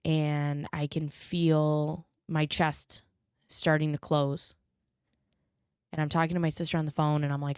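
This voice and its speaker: A woman with a lowish, smooth and clear voice recounts a personal story as a podcast host. Her delivery is earnest and emotional, and she speeds up when the story gets tense. The sound is close and dry. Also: little pitch movement, normal speed, darkish tone, no echo.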